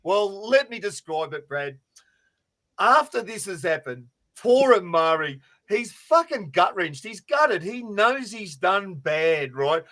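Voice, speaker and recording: A man co-hosting a fantasy sports podcast, telling stories in a loud, sweary, animated way over a remote call. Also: sits high, takes it slowly. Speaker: podcast co-host.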